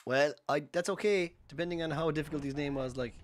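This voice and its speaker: A man's voice: fairly high pitch, fast talker, slight background noise. An Irish man giving casual, rambling speedrun commentary over gameplay, full of fillers and self-corrections. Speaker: streamer.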